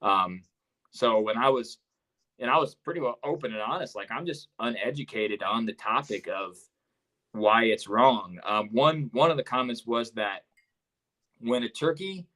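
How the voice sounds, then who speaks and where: A man chats on a podcast in a candid, plain-spoken way, with an everyday voice at a middle pitch. He talks openly about his own views. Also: a little slow, bright, forceful tone, low-quality recording. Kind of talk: casual podcast chat.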